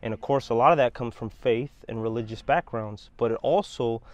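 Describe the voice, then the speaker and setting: A man's voice: medium pitch, a little fast, lo-fi sound. A man speaking earnestly and heartfelt about hope and change in prison. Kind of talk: reflective testimony.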